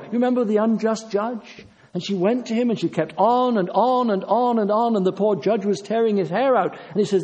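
Older guy preaching, high mellow voice, earnest, keeps repeating for emphasis. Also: rough recording. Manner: earnest, emphatic, repetitive exhortation. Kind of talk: sermon.

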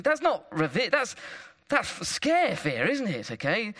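A man's voice: high voice, huge pitch swings, a little slow, pushed and bright. A man preaching a sermon in a conversational way, telling stories and checking in with tag questions.

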